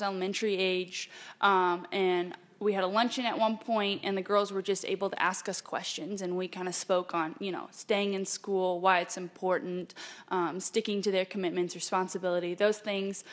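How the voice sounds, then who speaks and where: This is a young woman, a student athlete, in an interview. Her voice sits in the middle range, and she answers thoughtfully, a bit hesitant, with small fillers. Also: medium pitch. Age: young adult.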